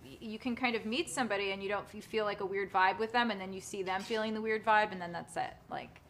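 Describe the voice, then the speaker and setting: A woman's voice: mid-range voice, quick pace, fairly bright tone, slight background noise. A woman hosting a live stream, chatting casually in a bubbly way, laughing often and trailing off mid-sentence. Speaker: livestream host and actress.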